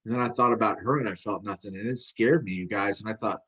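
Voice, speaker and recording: A man's voice: lowish voice, fast talker, a bit bright, breathy edge, dull audio. A man giving a candid, conversational recovery talk in a workshop, rambling and restarting as he goes. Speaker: workshop speaker. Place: video call.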